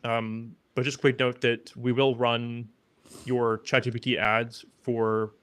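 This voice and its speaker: Relaxed male podcast host, dry sound. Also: medium pitch, a little slow, clear, resonant tone, dry recording. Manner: relaxed, matter-of-fact explaining. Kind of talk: casual explaining.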